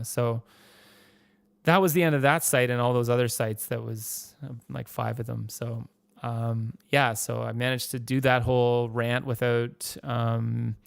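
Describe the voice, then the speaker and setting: A man's voice: medium pitch, creaky, clear, resonant tone, no room sound, studio quality. A man hosting a podcast, telling a rambling, casual story, swearing and acting out quoted dialogue. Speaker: podcast host. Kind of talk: casual monologue.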